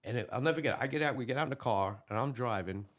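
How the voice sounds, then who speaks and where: A man's voice: medium pitch, rapid-fire. A man, a podcast host and former police officer, telling a story in casual chat with many fillers.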